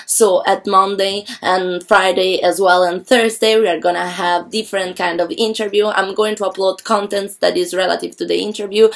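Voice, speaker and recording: A woman from Italy with an Italian accent, a channel host addressing viewers casually in English, rambling and chatty, her voice a bit rough. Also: medium pitch. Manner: chatty, rambling, with frequent fillers.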